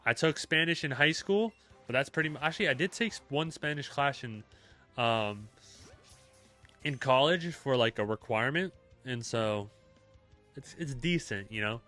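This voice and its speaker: A young man chatting casually with his live-stream chat, relaxed and talkative, with many fillers. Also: mid-range voice, normal speed, long pauses, faint music behind.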